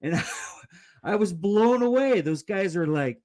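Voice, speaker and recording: A man's voice: high-pitched, lively intonation, takes it slowly, a little mellow. A man from the Bay Area calling into a sports show, talking in a hesitant way that restarts and repeats words. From San Francisco Bay Area, US. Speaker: caller. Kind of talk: casual call-in chat.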